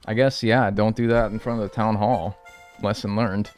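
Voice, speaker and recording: Guy streaming a game, lowish voice, rambly and wry, soft music underneath. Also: steady tone, moderate pace. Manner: rambling, wry, thanks viewers by name. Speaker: gaming livestreamer. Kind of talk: casual live-stream chat while playing.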